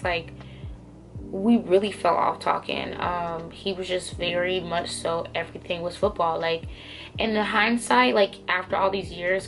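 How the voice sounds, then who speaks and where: A young woman with a somewhat low voice recounts a personal story in a loose, candid storytime style. She swears freely, keeps using filler words and acts out what people said. Soft music plays faintly behind her. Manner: candid, profane, animated retelling with many fillers. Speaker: vlogger telling a story. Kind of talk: casual storytime monologue.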